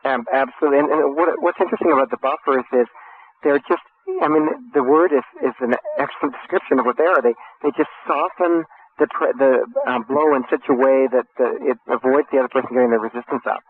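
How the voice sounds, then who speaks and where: A man interviewing a sales coach, agreeable and a little halting as he talks. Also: mid-range voice. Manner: quick, agreeable, slightly halting. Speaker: co-host interviewer. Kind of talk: conversational interview. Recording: tinny phone-line sound with faint hiss.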